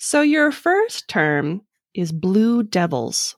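A woman's voice: medium pitch, very animated, extremely slow, dry recording, clean studio sound. A woman hosting a podcast, running a casual quiz segment in a playful, teasing way. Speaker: podcast host.

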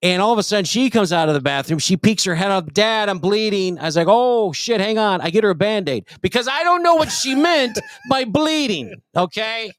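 Man in his forties, crude comic storyteller, swearing, lively pitch, slightly high voice. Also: fairly quick, hardly any pauses, no room sound, studio quality. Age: 40s. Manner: profane, animated, acts out other people's lines. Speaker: podcast co-host.

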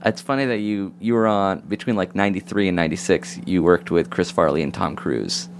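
A man hosting a casual podcast chat, reacting quickly with laughs and questions. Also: low-pitched, creaky, slight background noise. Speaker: podcast host.

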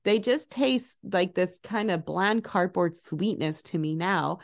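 Middle-aged woman, warm-hearted coach voice, gentle and animated solo podcast talk. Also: on the low side, measured pace, gravelly. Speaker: podcast host and eating coach.

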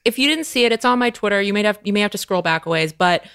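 A woman's voice: mid-range voice, expressive, very fast, fairly bright tone, clear, resonant tone. A woman hosting a podcast, chatting casually and laughing as she tells stories. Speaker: podcast host.

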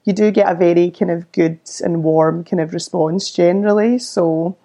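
Woman, 40s, Glaswegian Scottish accent, gravelly, chatty interview guest. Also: lowish voice, moderate pace. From Scotland. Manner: relaxed, chatty, frequent fillers. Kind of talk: casual interview chat.

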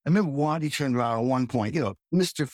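A man hosting a casual chat, an animated storyteller who acts out quotes. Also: medium pitch, fast talker, no echo, clean studio sound. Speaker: podcast host, drummer.

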